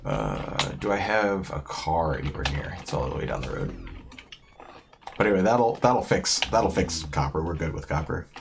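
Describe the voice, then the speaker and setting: A man's voice: rumbling low, big pitch swings, moderate pace, creaky, background noise. A man streaming a game, rambling in a casual, self-deprecating way with lots of fillers. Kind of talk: casual gameplay commentary.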